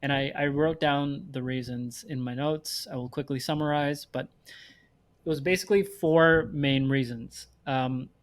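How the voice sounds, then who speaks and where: A man's voice: mid-range voice, fairly even intonation, measured pace. Enthusiastic man hosting a chat podcast. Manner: enthusiastic, explains tech. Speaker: podcast host. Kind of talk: casual chat.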